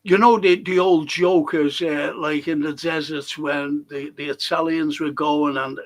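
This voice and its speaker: A man's voice: a little high, steady tone, a little slow, poor audio. An older man, co-hosting a casual chat and telling long rambling anecdotes. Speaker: co-host.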